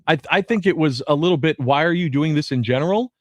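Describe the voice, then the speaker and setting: A man co-hosting a sports radio show in casual talk, animated and given to quick restarts as he reads quotes aloud. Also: fairly high pitch, no room sound.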